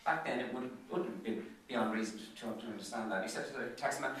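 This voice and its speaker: Fast-talking Irish man in an echoey hall. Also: mid-range voice, fairly bright tone, slight background noise. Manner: chatty storyteller who stutters on repeated words. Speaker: business speaker. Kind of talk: after-dinner business presentation. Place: function room at a golf club. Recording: very echoey room, mic far off.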